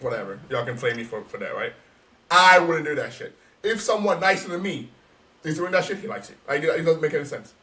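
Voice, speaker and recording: A man co-hosting a casual podcast, talking in an animated, emphatic and profane way. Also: on the high side, brisk, distant mic. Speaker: podcast co-host.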